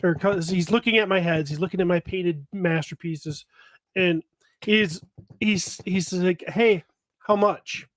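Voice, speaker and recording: A man with a high speaking voice tells stories animatedly on a podcast. He swears freely and acts out everyone's lines himself. The recording is close and dry. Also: measured pace, no room sound. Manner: animated storyteller, profane, acts out dialogue. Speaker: podcast co-host. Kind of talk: casual podcast banter.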